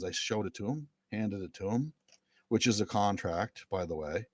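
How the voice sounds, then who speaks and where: Earnest man, low dry voice. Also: animated, normal speed, no room sound. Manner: earnest, emphatic, repeats phrases. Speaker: speaker giving a talk. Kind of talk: casual monologue to viewers.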